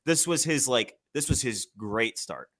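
A man's voice: medium pitch, animated, measured pace, fairly bright tone. Man, podcast host, casual sports chat, enthusiastic, loose delivery.

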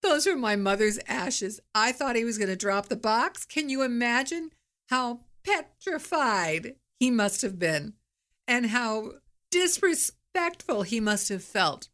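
A woman's voice: on the high side, animated, slow pace, fairly bright tone. A middle-aged woman hosting her own podcast, talking candidly in a chatty, storytelling monologue. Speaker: podcast host. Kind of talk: casual monologue.

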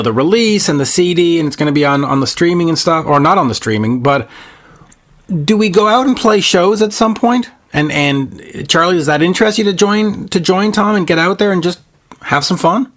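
Man, co-host, higher pitch, casual questions. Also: lively intonation, normal speed, a bit bright. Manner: questioning, laughs easily. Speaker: podcast co-host. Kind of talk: casual podcast chat.

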